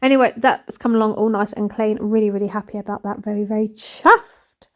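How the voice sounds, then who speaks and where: A woman's voice: medium pitch, steady tone, a little fast. A woman in her thirties, chatting frankly and rambling as she narrates her home cleaning. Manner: rambling, frank, self-mocking. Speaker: cleaning vlogger. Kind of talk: casual chatty voice-over while cleaning.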